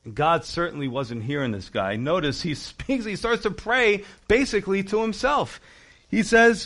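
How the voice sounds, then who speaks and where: A man with a slightly high voice preaches a verse-by-verse sermon. He teaches in an animated way, acting out quotes and pressing his points with emphatic questions. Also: moderate pace, gravelly. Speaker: pastor. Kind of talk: expository sermon.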